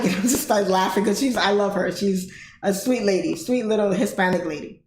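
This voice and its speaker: A woman's voice: medium pitch, brisk, a little mellow, slight background noise. A woman hosting a livestream, telling a story in a casual, chatty way and laughing often. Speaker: trading livestream host. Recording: roomy echo.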